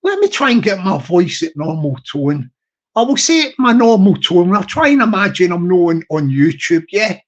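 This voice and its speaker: This Glaswegian man talks at a normal speed in a high, very animated voice, though the audio sounds dull. Chatting casually on a live stream, he rambles, cracks jokes, repeats himself and laughs a lot.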